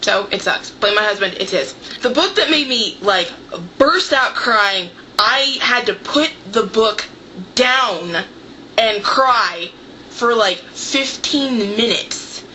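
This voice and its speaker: A woman's voice: a little high, lively intonation, takes it slowly, pushed and bright, slight background noise, low-quality recording. A young woman chatting casually to her camera about books, talking loosely with lots of "like" fillers. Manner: chatty, heavy use of "like" fillers. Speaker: book vlogger. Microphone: camera microphone.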